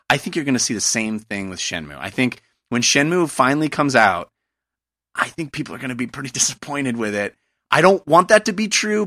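A man's voice: mid-range voice, sharp tone, no room sound, studio quality. A man hosting a gaming podcast, talking in an earnest, reflective way as he works through his thoughts in casual chat. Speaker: podcast host.

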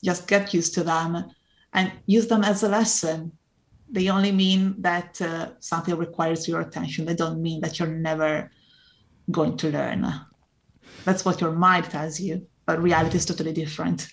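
A woman's voice: on the low side, flat delivery, moderate pace. A woman with an Italian accent, a non-native English speaker, answering interview questions in an earnest, encouraging way. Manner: earnest, encouraging, laughs often. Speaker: Italian teacher guest.

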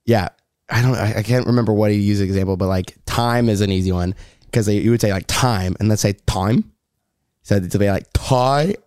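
A man chatting on a podcast, retelling things in a quick, rambling way. His voice is lowish and he talks fast. The sound is close and dry. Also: fairly even intonation, dark tone, clean tone, dry recording. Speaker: podcast co-host. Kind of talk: casual chat.

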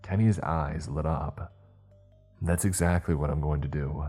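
Man, very low voice, husky, scary story narration over faint music. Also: steady tone, dark tone. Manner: measured, acts out dialogue in his own voice. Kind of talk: scripted first-person horror narration.

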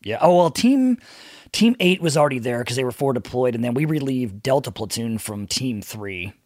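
A man's voice: mid-range voice, animated, normal speed, a little mellow, no echo, clean studio sound. A man in his thirties, a podcast guest telling casual, profane anecdotes and laughing between them. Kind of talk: casual storytelling in conversation.

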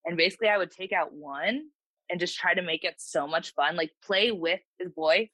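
A woman dog trainer giving casual, animated advice and acting out what dogs might be thinking. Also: on the low side, moderate pace, no room sound, low-quality recording.

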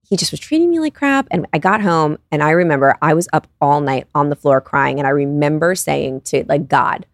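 A woman's voice: low voice, expressive, fairly quick, no room sound, studio quality. A woman in her thirties, a podcast guest telling her story in an earnest, confessional way with lots of "like". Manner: earnest and confessional, many "like" fillers. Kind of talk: candid personal storytelling.

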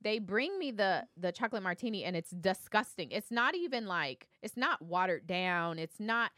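A woman's voice: medium pitch, normal speed, no room sound, studio quality. A woman co-hosting a podcast, telling a story in casual chat and acting out what people said, often tagging on "okay?". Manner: animated storytelling, acts out quotes, repeats "okay?". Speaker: podcast co-host.

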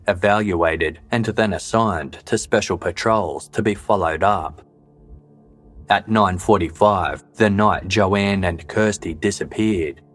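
Low-voiced male narrator for a true-crime podcast, measured and sober, faint music underneath. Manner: measured, even, sober delivery.

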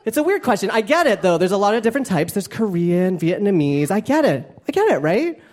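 A young man doing a stand-up comedy set, animated and campy, with playful asides to the crowd. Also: high voice, a little fast. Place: live comedy club stage. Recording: live club recording with crowd. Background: audience laughter.

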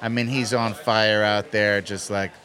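A man's voice: on the low side, little pitch movement, measured pace, pushed and bright. A man talking as a guest in a casual interview, playful and jokey, often laughing. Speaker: actor guest.

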